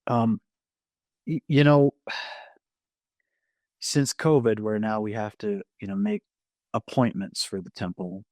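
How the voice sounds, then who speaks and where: A man speaking as a podcast guest, sharing a personal testimony in an animated storytelling way, acting out his own inner thoughts and often restarting his sentences. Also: fairly low pitch, slow, long pauses, no room sound.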